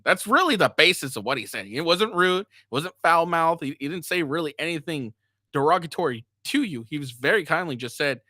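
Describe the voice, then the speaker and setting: A man's voice: a little high, expressive, brisk, sharp tone, dry recording, studio quality. A man giving crude, mocking reaction commentary, swearing and laughing as he talks. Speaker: commentary streamer.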